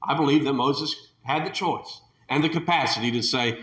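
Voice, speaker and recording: A man's voice: medium pitch, normal speed, a bit bright, roomy sound. A man preaching a sermon in a fervent way, building to emphatic peaks and sometimes restarting his sentences.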